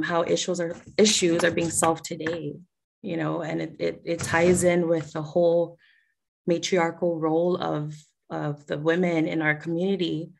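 A woman's voice: fairly low pitch, creaky. A young woman voice actor chatting casually on a video call, talkative and laughing often as she tells a story. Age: young adult.

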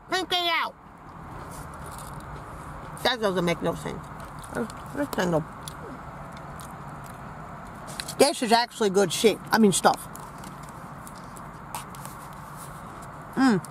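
A woman's voice: fairly high pitch, a bit bright, slight background noise, low-quality recording. A woman playing a vain, brash old granny character, rambling with sassy, crude asides from inside a parked car. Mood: chatty. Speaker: comedy vlogger in character.

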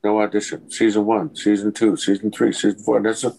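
A man's voice: fairly low pitch, fast, gravelly, slight background noise, poor audio. An older man, an actor, telling anecdotes in an interview and acting out the dialogue with a chuckle. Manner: lively storyteller who acts out dialogue, chuckles. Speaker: actor guest.

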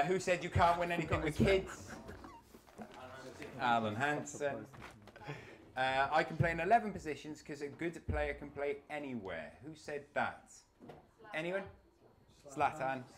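A man's voice: on the high side, lively intonation, measured pace, long pauses, a little hiss or hum. A man hosting a live football quiz in a coffee shop, chatty and jokey as he reads out the questions. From Wales. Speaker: quiz host. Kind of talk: reading out a live pub quiz. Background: crowd of quiz players.

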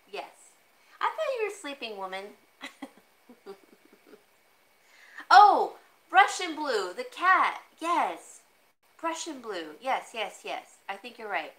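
A woman's voice: fairly bright tone, rough recording. A woman hosting a casual live jewelry sale from home, chatty and easily sidetracked, laughing often and cooing at her cat. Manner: talks to her cat in a high coaxing voice. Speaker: online jewelry seller. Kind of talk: casual live-stream sales chat.

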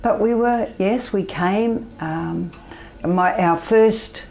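An older Australian woman telling her personal story as an interview guest, soft-spoken and often trailing off into near-whispers. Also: medium pitch, takes it slowly, gravelly, poor audio. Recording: faint background noise.

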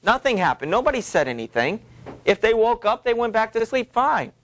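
A man's voice: high-pitched, very animated, a little fast, a bit bright, voice pushed up, heavily acted. A man voicing a scheming, bold and impatient noblewoman, reading her lines in a raised, emphatic voice. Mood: chiding.

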